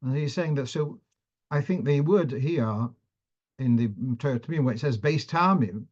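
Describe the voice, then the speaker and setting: A man's voice: mid-range voice, moderate pace, darkish tone, dull audio. A man teaching a class on the cantillation of Torah readings, who often restarts phrases as he explains and sometimes chants verses.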